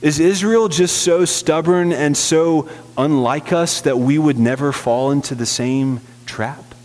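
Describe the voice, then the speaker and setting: A man preaches to his church in an earnest sermon, leaning on rhetorical questions. His voice sits a little high for a man. The sound carries a long, hall-like reverb. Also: a little slow, darkish tone. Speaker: pastor.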